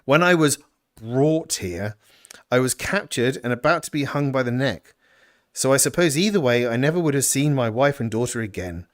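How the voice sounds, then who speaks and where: A man doing a weary, grieving frontier man in a video game, speaking in a rough, folksy rural drawl. The voice sits at a middling pitch and carries a sorrowful, worn-down tiredness. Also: lively intonation, normal speed, close to an everyday voice.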